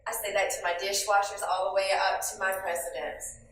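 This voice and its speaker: In a training room before a live audience, a woman gives a talk to new restaurant hires, calling on trainees by name and acting out sample phrases. Her mid-range voice is fairly bright and level in tone, delivered a little fast. The room is very echoey, she's far off the mic, and there's a little hiss or hum.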